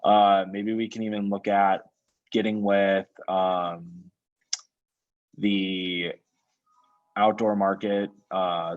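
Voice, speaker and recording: Man, meeting chair on a video call. Low voice, dull lo-fi sound. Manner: relaxed, conversational, directs speakers by name. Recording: muffled lo-fi call audio.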